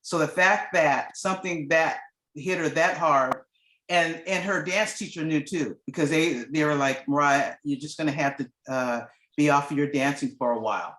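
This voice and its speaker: A woman's voice: sits low, normal speed, fairly bright tone. A middle-aged woman sharing a personal testimonial in a rambling way, restarting often and acting out the dialogue she quotes. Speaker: guest giving a testimonial. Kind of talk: casual storytelling. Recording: echoey room sound.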